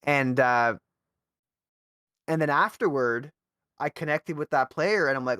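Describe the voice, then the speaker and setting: A man hosts a tabletop gaming podcast in a relaxed, friendly manner, laughing easily and circling back to rephrase his questions. His voice sits at an ordinary pitch and is recorded with a dry, close sound. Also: measured pace, long pauses, clean tone, no echo. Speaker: podcast host. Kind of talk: casual podcast interview.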